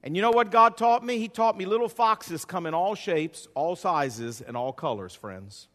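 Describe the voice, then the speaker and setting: A man's voice: sits high, animated, normal speed, a bit bright. A male pastor preaching a sermon with a folksy storytelling style and a repetitive cadence, in a church sanctuary. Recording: long hall reverb.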